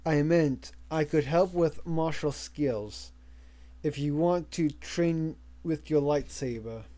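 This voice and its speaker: A man's voice: a little high, slow, mellow. A man voicing a young woman Jedi, a wry and determined figure, in a dry, clipped way.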